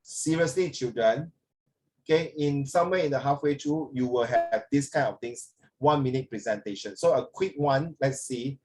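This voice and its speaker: A man's voice: mid-range voice, moderate pace. A man teaching an online English class over a video call, joking with the pupils and mixing English with Chinese. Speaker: English tutor.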